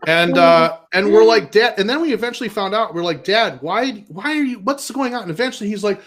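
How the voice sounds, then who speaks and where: A man's voice: sits high, lively intonation, brisk, hardly any pauses, a bit bright. A man from Minnesota doing a stand-up set on a live comedy stage, rambling, self-deprecating and laughing at his own jokes. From Minnesota, USA.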